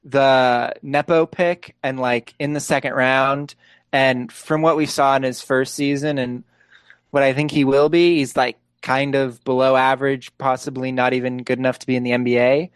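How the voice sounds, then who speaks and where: A man's voice: mid-range voice, normal speed, smooth, no echo. Laid-back young man, dry close sound. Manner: relaxed, leans heavily on "like" fillers. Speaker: podcast co-host. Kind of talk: casual sports chat.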